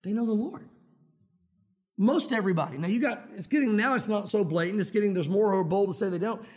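A man from Tennessee with a Southern accent, preaching an evening sermon in a quick, conversational and earnest way. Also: sits high, darkish tone. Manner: fast-talking, conversational, earnest. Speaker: pastor.

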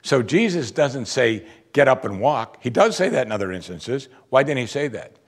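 A man preaching a sermon, teaching through a Bible passage with lively asides and questions to the audience. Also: mid-range voice, moderate pace, husky.

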